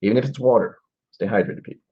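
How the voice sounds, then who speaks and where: Low raspy forties guy rambling to his stream, thinking out loud, kinda muffled lo-fi sound. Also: fast talker. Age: 40s. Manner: musing aloud, rambling with trailing asides. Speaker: live-stream host. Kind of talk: casual live-stream whiskey tasting chat.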